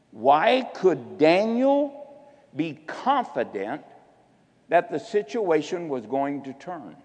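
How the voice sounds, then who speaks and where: A man's voice: on the high side, sing-song, darkish tone. A man preaching a sermon, exhorting the congregation and stretching out key words for emphasis. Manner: exhorting, shifts between slow drawn-out emphasis and quick asides. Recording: long hall reverb.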